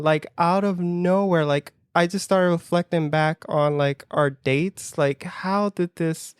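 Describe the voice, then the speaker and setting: A man's voice: on the high side, takes it slowly, few pauses, smooth, no room sound, clean studio sound. A man co-hosting a casual podcast, telling a dating story with lots of "like" and acting out his own reactions in quoted voices. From United States, near New York. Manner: animated, acts out his own lines in quotes; frequent "like" fillers, laughs through story. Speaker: podcast co-host.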